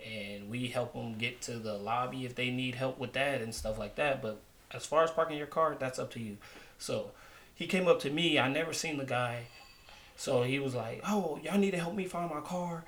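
A man co-host talks through a workplace story at an easy pace, with filler words and occasional laughs. His voice sits at an ordinary pitch. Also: moderate pace. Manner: relaxed, rambling, laughs often. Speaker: podcast co-host. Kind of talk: casual chat, storytelling.

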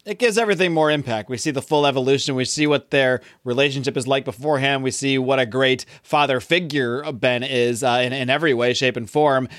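A man in a casual recap discussion who gives relaxed, opinionated commentary. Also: medium pitch, brisk, few pauses, dry recording, clean studio sound.

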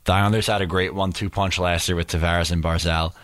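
Deep-voiced young man, wry and relaxed. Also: fast talker, no echo. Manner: relaxed, wry, leads the segments. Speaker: podcast co-host. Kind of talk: casual sports chat.

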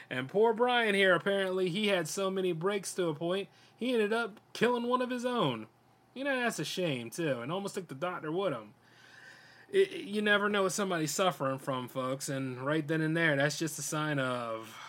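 A man's voice: high-pitched, fairly bright tone. Male podcast host; casual, rambling post-story commentary. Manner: loose rambling talk with fillers.

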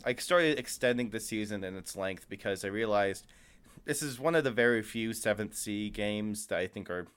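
Smooth, low-voiced man. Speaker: game master of a podcast game. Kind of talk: casual chat.

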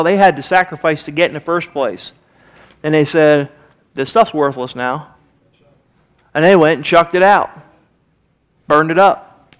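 This pastor's voice is bright and high-pitched, with a Midwestern American accent. Preaching a sermon from the pulpit of a church sanctuary, he addresses the congregation in a conversational, emphatic style and acts out little quotations along the way.

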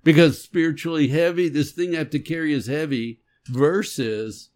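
A man's voice: fairly high pitch, normal speed, darkish tone. Earnest, emphatic man on a podcast. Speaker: podcast co-host. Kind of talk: casual faith conversation.

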